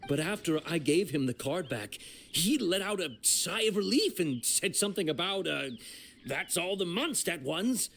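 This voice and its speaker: A man's voice: high-pitched, sing-song, moderate pace, vocal fry, fairly bright tone, slight background noise, full character voice. Brief: a flustered young guy, tripping over his words, voice jumping around. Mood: nervous. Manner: nervous, stammering, defensive. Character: jittery young man caught in a shady deal. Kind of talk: video game voice acting.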